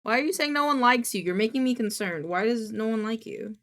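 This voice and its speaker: A woman's voice: a little high, animated, fairly quick, a bit bright. A woman streamer chatting casually while she works, goofy and playful, teasing and swearing freely. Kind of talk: casual live-stream chat while working.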